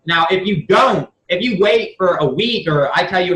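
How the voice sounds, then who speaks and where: A man's voice: high-pitched, normal speed, few pauses, pushed and bright. A man talking as a CEO in a casual coaching session, blunt and profane, often restarting his sentences. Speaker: company CEO and guest speaker. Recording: echoey, far from the mic, dull and noisy.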